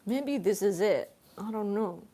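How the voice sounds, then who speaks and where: A woman's voice: medium pitch, expressive, mellow. A woman live streaming from home on a tablet, chatting casually with viewers in a playful, giggly way. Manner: playful and giggly, quick to laugh.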